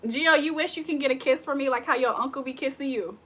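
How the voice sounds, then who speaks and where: Woman livestream host, high and bright, roasts her chat, breaks into loud laughter. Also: a little fast, slight background noise. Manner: trash-talking, laughs loudly. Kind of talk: casual live chat.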